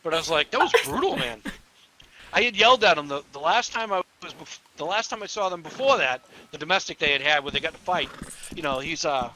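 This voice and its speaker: A man's voice: a little high, fast talker, low-quality recording. A police officer telling stories in casual chat, swearing freely, laughing mid-story and acting out the people he quotes. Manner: animated, acts out quotes. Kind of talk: casual storytelling while gaming.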